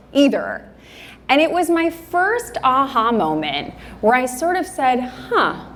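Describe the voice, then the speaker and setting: A young woman delivers a motivational keynote from a stage, upbeat, chatty and quick to break into laughter. Her voice sits a bit high. The sound carries a long hall reverb over a faint hum of room ambience. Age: young adult. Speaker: keynote speaker. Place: conference stage in a large hall.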